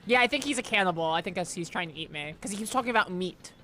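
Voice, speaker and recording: Young woman streamer, lowish voice, chatty and jokey, talking to chat while gaming. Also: animated, very fast, pushed and bright, a little hiss or hum. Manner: rambling, joking, chatty asides to chat. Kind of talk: casual gameplay commentary.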